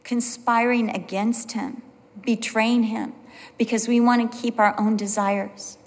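A woman's voice: fairly high pitch, flat delivery, measured pace. A woman teaching a Bible study in an earnest way, building points through emphatic repetition. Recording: long hall reverb.

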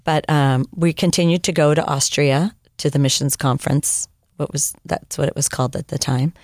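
Low-voiced woman telling her story. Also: moderate pace, no room sound, clean studio sound. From United States. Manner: animated storyteller, acts out quoted dialogue. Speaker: interview guest. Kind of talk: personal testimony in conversation.

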